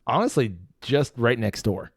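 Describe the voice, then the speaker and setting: A man's voice: mid-range voice, animated, a little slow, dry recording, clean studio sound. A man co-hosting a podcast, chatting casually at a whiskey tasting, laughing often and thinking aloud. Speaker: podcast co-host.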